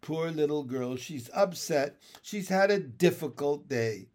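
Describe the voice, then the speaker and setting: A patient storybook mother, tired but calm, speaking in a gentle, soothing way, as a man reading aloud puts her on. Her voice sits somewhat higher than the reader's own. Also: measured pace.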